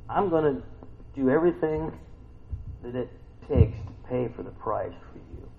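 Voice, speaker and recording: A man preaching a sermon who swings from hushed, intimate lines to sudden excited outbursts. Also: mid-range voice, moderate pace, vocal fry, phone-quality sound, slight background noise. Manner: swings from hushed to shouting bursts.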